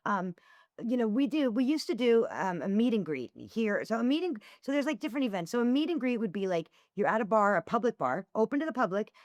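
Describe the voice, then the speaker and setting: A woman's voice: on the high side, brisk, dry recording. A woman guest on a podcast, chatting casually and acting out the dialogue as she tells stories. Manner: animated storyteller who acts out dialogue. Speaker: podcast guest, former swingers event host.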